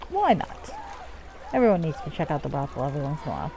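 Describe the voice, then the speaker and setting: Mellow-voiced woman streaming a game. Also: low-pitched, very animated, rapid-fire, slight background noise, poor audio. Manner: jokey, chatty, laughs easily. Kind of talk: casual gameplay commentary. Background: faint game music.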